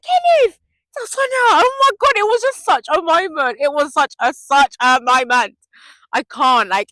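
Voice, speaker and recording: A young woman tells stories to her viewers in a gushing, excitable way. Her voice is bright and swoops up and down. The sound is close and dry. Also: a little high, dry recording. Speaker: faith vlogger. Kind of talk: casual chat to camera.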